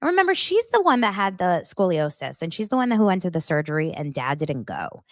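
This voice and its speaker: A woman's voice: lowish voice, sing-song, brisk, dry recording, studio quality. A woman hosting a podcast, giving a chatty, gossipy recap of a reality TV show with blunt opinions. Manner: chatty and gossipy, heavy use of "like"; blunt and judgmental. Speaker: podcast host.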